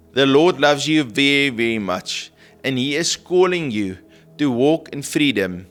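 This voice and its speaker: A man in the middle of his voice, teaching a sermon in an earnest, gentle way and pausing to check in with listeners. Faint music plays underneath. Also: mid-range voice, expressive. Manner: gentle, earnest, frequent "okay?" and "right?" checks. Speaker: prophetic minister.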